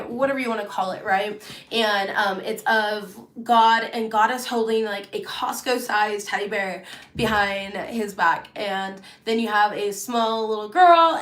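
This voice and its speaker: A woman's voice: medium pitch, roomy sound. Chatty woman doing a tarot reading. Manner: chatty, animated, many fillers. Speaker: tarot reader.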